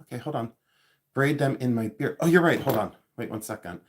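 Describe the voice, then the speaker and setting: A man's voice: medium pitch, fairly quick, slight background noise. A man in his fifties hosting a casual livestream from home, rambling, joking about himself and thanking viewers by name. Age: 50s. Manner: rambling and self-mocking, reads out viewer comments. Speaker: livestream host.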